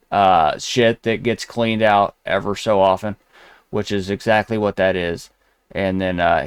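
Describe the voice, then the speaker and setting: Smooth-voiced man ranting mockingly. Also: on the low side, dry recording, clean studio sound. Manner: mocking, ranting, heavy swearing. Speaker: host reacting to clips. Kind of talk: profane reaction commentary.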